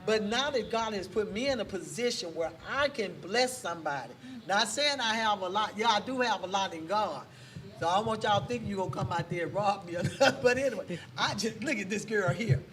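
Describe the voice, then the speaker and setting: A woman telling a faith story as a guest on a casual talk show, lively and full of church exclamations. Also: medium pitch, a little fast. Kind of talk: testimony in a casual chat. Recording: distant mic with faint background noise.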